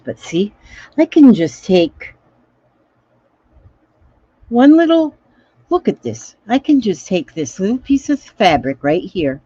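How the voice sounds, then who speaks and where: A woman's voice: low voice, darkish tone, husky, dry recording, muffled recording. A woman chatting casually through a crafting livestream, repeating little phrases to herself as she works. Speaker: craft vlogger reading live comments.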